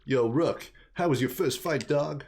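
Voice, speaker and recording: A man's voice: mid-range voice, a little slow, darkish tone, close to an everyday voice. Casual and cocky, a man doing a slangy male fighter with a laid-back drawl and a middling voice, the game character who acts like he owns the ring.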